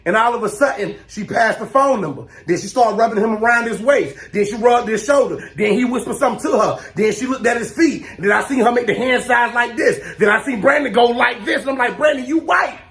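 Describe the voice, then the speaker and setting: A man delivering a comedic monologue with loud bursts and drawling slang. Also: very high voice, a little fast, hardly any pauses. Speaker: comedy creator.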